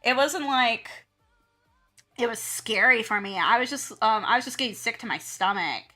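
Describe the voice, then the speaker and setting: Rambling woman streamer, slightly high and bright, laughs a lot, faint music under her. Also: animated, normal speed. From American South. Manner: rambling, laughs often, acts out her own reactions. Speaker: art streamer and teacher. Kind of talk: casual chat while drawing on stream.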